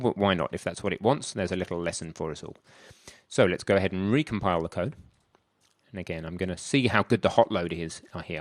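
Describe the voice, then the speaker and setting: A man with a fairly low voice talks through a coding tutorial in a chatty way, thinking aloud as he works. The sound is dry and close, with no room around it. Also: dry recording. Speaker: programming instructor. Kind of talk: screen-recorded coding tutorial.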